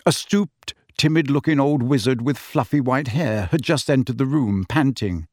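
Narrating a fantasy novel, this audiobook reader gives the scripted text an expressive, storyteller's delivery. He has a mid-range voice and a normal pace, and the studio sound is clean and dry.

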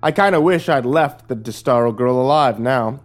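A cruel middle-aged sheriff from a spoken horror tale, mocking and contemptuous, his drawl sitting noticeably higher than a plain speaking voice, as a man acts him out. Soft music plays far behind him. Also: normal speed, lightly acted. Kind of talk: horror story narration.

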